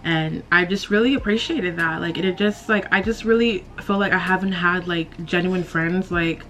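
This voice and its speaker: Her voice on the low side, steady and fairly bright, a young beauty vlogger speaks at normal speed during a casual get-ready-with-me makeup chat. She's close to tears and emotional, letting out sighs and nervous laughs.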